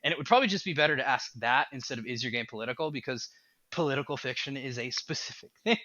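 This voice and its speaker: A man who is a game developer, talking as a podcast guest in an animated, rambling way. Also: medium pitch, quick pace, dry recording, dull audio. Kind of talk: casual podcast chat.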